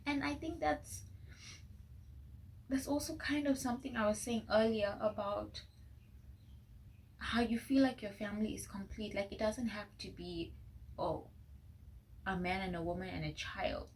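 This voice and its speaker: A young woman in a relaxed pick-a-card tarot reading, speaking earnestly at a middle pitch and now and then slipping into a whisper. She records on a phone mic, with a faint hiss under her voice. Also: unhurried, long pauses, poor audio. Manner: earnest, drifting into soft whispered asides. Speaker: tarot reader. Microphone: phone microphone.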